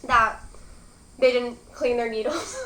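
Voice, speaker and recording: Young woman rambling on her eating vlog, kinda high voice, echoey room. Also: big pitch swings, slow pace, a bit bright. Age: young adult. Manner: chatty, rambling, lots of "like" and "um". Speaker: mukbang host. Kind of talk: casual eating vlog chat. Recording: roomy echo, faint background noise.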